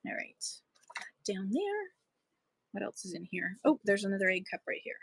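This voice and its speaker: A woman's voice: mid-range voice, sing-song, moderate pace, creaky, husky, no echo. A woman selling small collectibles on a live stream, chatting casually and cooing over little items. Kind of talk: live auction unboxing chat.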